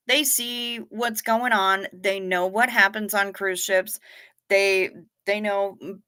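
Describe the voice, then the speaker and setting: Slow-talking, bright-voiced woman streamer. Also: medium pitch, smooth. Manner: salty, swears freely, chats with viewers. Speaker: livestream host. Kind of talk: casual livestream chat.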